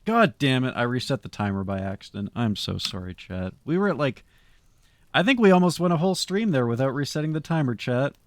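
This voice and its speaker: A man in the middle of a casual stream sign-off, rambling to his viewers and swearing freely. His voice sits at an ordinary middle pitch. It comes across dry and close on a streaming mic. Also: sing-song, a little fast, no echo. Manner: loose, rambling, swears freely, talks to chat.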